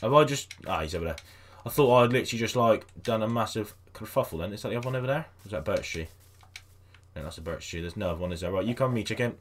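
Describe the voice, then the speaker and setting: A gaming video host gives casual let's-play commentary, chatting with viewers and coaxing animals along in a high sing-song voice. He talks fast with lively intonation.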